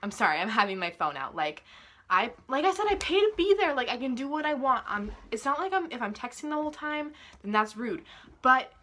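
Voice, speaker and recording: A young woman venting to camera about pet peeves, profane and exasperated, her voice rising into loud outbursts. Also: high-pitched, big pitch swings, a little fast. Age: young adult. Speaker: vlogger.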